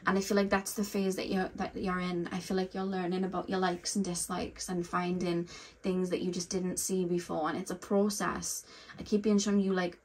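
A woman's voice: lowish voice, flat delivery, normal speed, husky. A young woman giving a casual tarot reading, talking in a loose, rambling way and often saying "like" and "I feel like". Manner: rambling, heavy use of "like" and "I feel like". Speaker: tarot reader.

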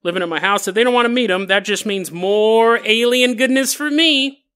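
A man's voice: sits high, moderate pace, bright, forceful tone, smooth. A man doing an eager lovestruck guy. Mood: insistent. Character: excitable lovestruck man telling his story.

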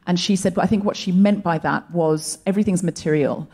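Woman cohost, low-ish mellow voice, thoughtful storytelling to a live crowd. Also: a little fast, husky. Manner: earnest, reflective storytelling. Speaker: co-host comedian. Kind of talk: live podcast stand-up with audience. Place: comedy venue stage before a live audience.

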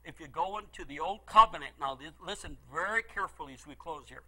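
A middle-aged male pastor preaching a sermon, telling a story with great feeling and swinging from loud pleading to hushed, low asides. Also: expressive, fast talker, husky, low-quality recording.

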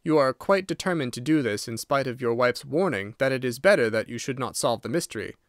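A man reading the part of a calm, shrewd detective in an audiobook, measured and reasoning. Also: mid-range voice, no room sound, clean studio sound, close to an everyday voice.

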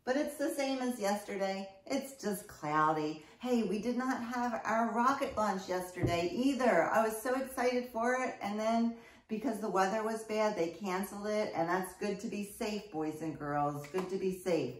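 A kindergarten teacher giving an online phonics lesson, sounding out letters slowly with bright, exaggerated emphasis. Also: female voice, medium pitch, recorded from a distance. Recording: echoey room, a bit off-mic.

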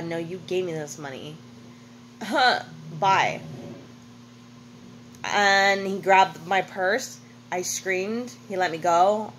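A woman's voice: mid-range voice, a little hiss or hum, poor audio. A woman vlogging from a hotel room, telling a long personal story in a blunt, profane way and often correcting herself. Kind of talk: casual storytelling monologue.

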